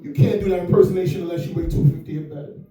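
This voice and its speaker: Chatty stand-up comic in an echoey room. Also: male voice, sits high, steady tone, very fast, warm tone, far from the mic. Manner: chatty, laughing, checks in with the crowd. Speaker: comedian. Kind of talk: stand-up comedy at a private party. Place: private mansion home. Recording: echoey room, mic from afar.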